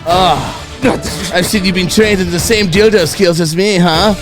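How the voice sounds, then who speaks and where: A man's voice: high voice, steady tone, measured pace, music in the background, pitched above the performer's own voice. A man playing a disfigured evil Russian villain with a put-on Russian accent, swearing and pleading. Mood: furious. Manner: shouting, swearing, desperate pleading.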